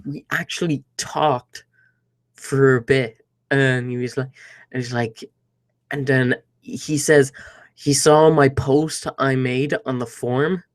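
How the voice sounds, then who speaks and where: A man's voice: mid-range voice, fairly even intonation, slow pace. A young man from Ireland with an Irish accent, telling a story in a nervous, rambling way full of fillers and restarts. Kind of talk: casual storytelling vlog.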